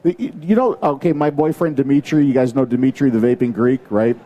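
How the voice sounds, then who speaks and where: A man's voice: mid-range voice, brisk, dull audio. An American man speaking as a conference panelist, talking casually and emphatically with plenty of fillers and restarts. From United States. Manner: emphatic, rambling, many fillers.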